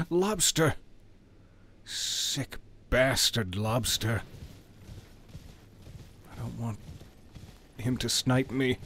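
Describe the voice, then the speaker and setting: A man's voice: on the low side, slight background noise. A man giving casual, playful commentary while streaming a video game, bantering with wry jokes.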